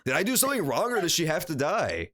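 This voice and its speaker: A man's voice: on the high side, huge pitch swings, fast, fairly bright tone, slight background noise. A man streaming a game, reacting with blunt, profane commentary. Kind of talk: let's play commentary.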